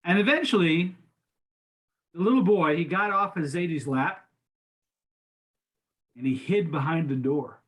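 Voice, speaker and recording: A man's voice: a little high, measured pace, pauses often, fairly bright tone. Older man teaching an informal class. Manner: informal, frequent restarts and repeated words. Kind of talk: conversational lecture.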